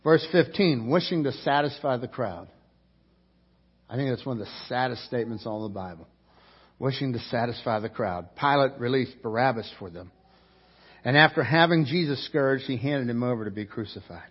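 A man's voice: medium pitch, animated, normal speed, slightly rough, muffled recording. A man preaching a sermon as pastor, telling the story vividly and acting out the characters' lines.

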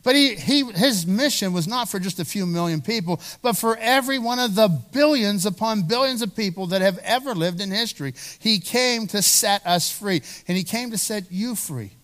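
A male pastor delivering a Sunday sermon in a fairly high voice. He speaks earnestly and with emphasis, and stumbles over repeated words as he pushes toward each point. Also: animated, moderate pace, few pauses, fairly bright tone.

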